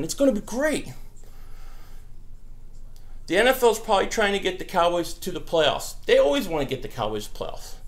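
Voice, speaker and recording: Brash, high-voiced male stream host. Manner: animated, brash, mocks trolls. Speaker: live stream host answering viewer questions. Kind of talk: casual live stream Q&A.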